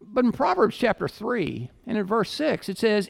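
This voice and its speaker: A male pastor preaching a sermon, telling stories with animation and swinging from loud to hushed. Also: high voice, expressive, moderate pace, vocal fry, few pauses. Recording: echoey hall with long reverb.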